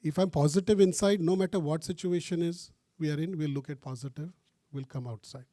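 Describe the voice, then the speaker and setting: Animated priest telling a story. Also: male voice, on the high side, fairly quick, dry recording. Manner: animated, acts out phone dialogue, mixes in Hindi phrases. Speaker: priest giving a retreat talk. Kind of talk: storytelling sermon.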